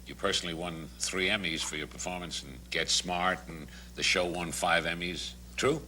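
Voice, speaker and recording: A man's voice: deep voice, moderate pace, bright, forceful tone, slight background noise. An older man hosting a comedy talk show, bantering and questioning his guest in a showbiz manner.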